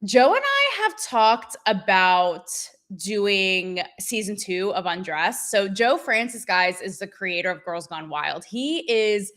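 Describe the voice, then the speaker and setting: Bright-voiced woman ranting casually. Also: medium pitch, slow, hardly any pauses. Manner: profane, animated, rambling and self-mocking. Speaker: show host. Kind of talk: candid livestream monologue.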